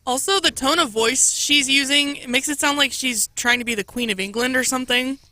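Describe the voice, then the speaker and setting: Female radio producer, very high and very bright voice, a bit off-mic, quick mocking quips. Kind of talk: casual talk radio banter.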